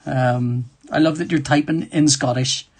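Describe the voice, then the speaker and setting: Husky-voiced man chatting while drawing. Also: fairly high pitch, steady tone, measured pace. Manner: rambling, self-deprecating, reads chat comments aloud. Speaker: livestream host drawing sketches. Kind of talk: casual chat while drawing.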